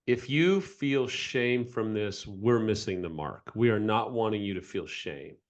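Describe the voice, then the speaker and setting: A man's voice: fairly low pitch, muffled recording. A man co-hosting a podcast, speaking earnestly and directly to his listeners. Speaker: podcast co-host. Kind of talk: podcast discussion.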